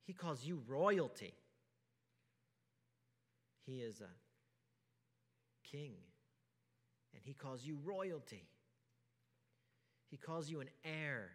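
A man preaching a sermon as pastor, emphatic, asking rhetorical questions and swinging from hushed to loud. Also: a little high, expressive, slow, pauses often. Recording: long hall reverb.

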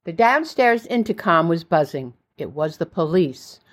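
An older woman narrating her own memoir in a plain, steady storytelling way. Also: fairly low pitch, unhurried.

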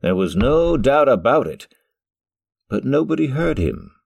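Expressive male storybook narrator. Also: medium pitch, measured pace, gravelly.

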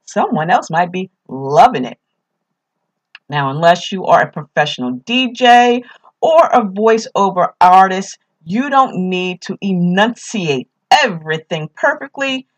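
A woman's voice: medium pitch, animated, unhurried. A woman with a New York accent hosting a podcast, giving casual tips in an upbeat, emphatic way and repeating her key phrases. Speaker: podcast host.

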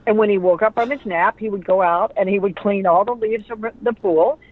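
Over a tinny, phone-like line that sounds dry, a middle-aged radio personality and author speaks briskly in a medium-pitched voice. She's an animated storyteller in a conversational interview, playing out the voices of the people she quotes.

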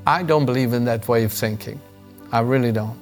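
A man preaches a devotional sermon, reading scripture and telling stories earnestly and chuckling often. His medium-pitched voice moves fairly quickly over soft background music.

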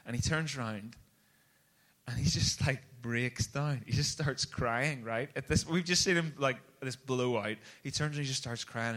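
A man preaching a sermon, telling a story in an animated, conversational way. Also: medium pitch, normal speed.

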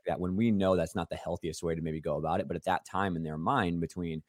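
A man hosting a casual podcast interview, chatty and quick with frequent restarts. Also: low voice, steady tone, darkish tone, no echo, clean studio sound. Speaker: podcast host.

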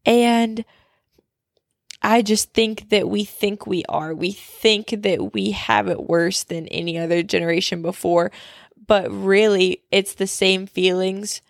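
A woman's voice: mid-range voice, vocal fry, dry recording, clean studio sound. A young woman giving an earnest, reflective devotional talk, often saying "like".

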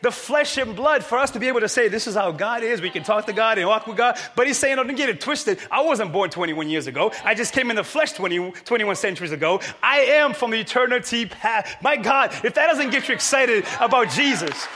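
High, bright-voiced preacher man. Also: a little fast, hardly any pauses. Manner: energetic preaching, rising to shouts. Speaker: pastor. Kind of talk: sermon. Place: church hall with congregation.

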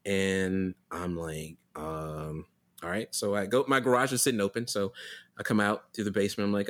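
A man telling a story in casual chat, animated and profane, with plenty of fillers and restarts. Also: fairly low pitch, normal speed.

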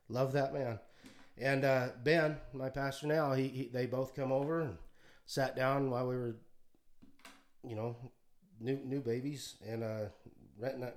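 A man giving a halting, heartfelt personal testimony, often choked up and restarting his sentences. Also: mid-range voice. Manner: halting, many restarts, gets choked up, folksy. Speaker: podcast co-host sharing testimony. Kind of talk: emotional personal testimony, sermon-like. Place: alone at home.

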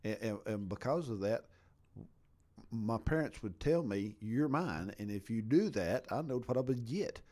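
A man's voice: medium pitch, animated, a little slow, dark tone. A man in a casual faith discussion, speaking steadily and affirmingly with small stumbles. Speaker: discussion partner.

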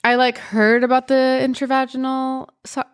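A woman's voice: high-pitched, level tone, clear, resonant tone. Chatty woman podcast host. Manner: chatty, full of "like" and "um" fillers, quick bursts and slow pauses. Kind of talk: casual personal storytelling.

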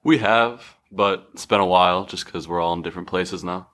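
A man's voice: low voice, fairly quick, fairly bright tone. A young man in his twenties, the host's younger brother, giving short, laconic answers in casual chat.

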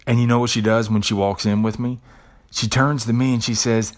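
A man's voice: mid-range voice, little pitch movement, fairly quick. A man hosting a podcast who talks in a casual, conversational way, swears freely and often repeats words as he tells a story. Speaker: podcast host. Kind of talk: casual monologue.

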